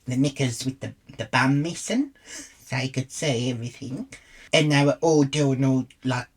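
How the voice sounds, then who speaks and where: A woman with an Australian accent telling a bawdy comic story in a brash, chatty way. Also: low-pitched.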